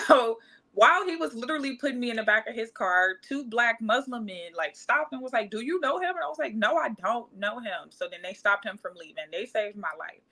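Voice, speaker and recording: A woman's voice: on the high side, lively intonation, brisk, sharp tone. A woman, candidly telling a personal story in casual podcast chat and acting out other people's voices. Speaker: podcast co-host.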